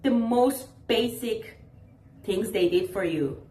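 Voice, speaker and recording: A woman's voice: medium pitch, takes it slowly, warm tone, slight background noise. A woman vlogger talking casually to the camera in an exasperated, sarcastic ranting tone. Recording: roomy echo, faint ambience.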